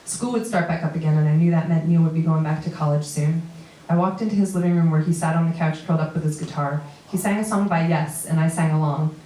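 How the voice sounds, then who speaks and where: Woman, New York accent, low voice, reads her own prose on stage with wry asides; roomy live recording from a distance. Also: fairly even intonation, fast, warm tone. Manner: reads steadily, with dry asides to the audience. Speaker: comedian reading a memoir piece. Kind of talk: live reading of personal prose. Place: small theater stage before an audience.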